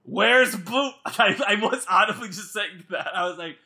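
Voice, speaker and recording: Casual co-host: man, high and bright voice, very animated delivery. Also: normal speed. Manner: animated, laughing, mock-screaming. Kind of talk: casual movie chat.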